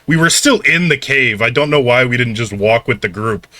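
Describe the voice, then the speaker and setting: A man's voice: mid-range voice, expressive, normal speed, bright, forceful tone, no room sound. A man co-hosting a podcast, telling stories in casual chat, rambling with lots of "like" and swearing freely. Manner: rambling, heavy use of "like", swears a lot. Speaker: podcast co-host.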